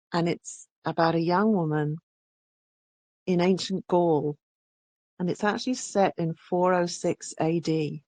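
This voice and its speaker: A woman's voice: lowish voice, a little mellow, dry recording. A woman audiobook narrator from England, talking enthusiastically in an interview. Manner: enthusiastic, restarts phrases. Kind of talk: conversational interview.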